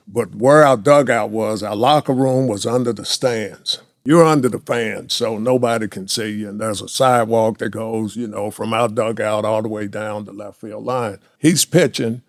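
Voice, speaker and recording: Gravelly older man telling stories. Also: on the low side, moderate pace, hardly any pauses, no room sound, studio quality. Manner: animated anecdotes, laughs often, acts out quotes. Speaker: former pro baseball player, guest. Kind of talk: storytelling in a casual chat.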